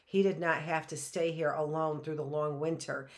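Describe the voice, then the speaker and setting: A woman's voice: sits low, fairly even intonation, normal speed. Woman teacher reading a story aloud.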